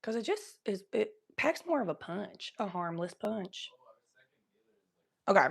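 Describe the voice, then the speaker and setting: A young woman from Cincinnati, talking in a put-on Southern drawl during a casual livestream chat, crude and rambling, high and coughing now and then. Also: sing-song, a little slow, creaky, husky. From Cincinnati, Ohio.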